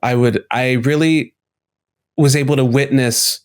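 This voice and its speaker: A man's voice: fairly even intonation, a little slow, clear, resonant tone, dry recording, clean studio sound. Candid man talking loosely, swearing as he goes. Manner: reflective, casual and profane, acts out his inner voices with rising pitch. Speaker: podcast guest, poet. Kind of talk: candid conversational interview.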